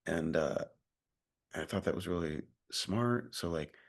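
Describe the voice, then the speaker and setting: A young adult man talks through an interview in a deep, low register with a gravelly, fried edge. His voice is a little husky, and he rambles, restarting sentences and stacking up fillers. He swears casually as he goes. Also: unhurried. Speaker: actor being interviewed.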